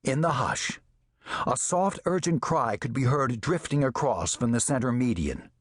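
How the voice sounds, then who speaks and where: A man reading an audiobook aloud with lively rises and falls in pitch. His voice is slightly husky and sits close and dry on the mic. The telling is expressive and storybook-like. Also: a little slow, no echo. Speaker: audiobook narrator. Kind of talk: scripted audiobook narration.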